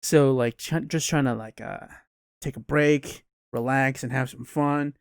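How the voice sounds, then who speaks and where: A young American man co-hosting a podcast, chatting casually and excitably, laughing often and jumping up in pitch. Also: measured pace, vocal fry, smooth, no room sound, studio quality. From United States. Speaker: podcast co-host. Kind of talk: casual chat.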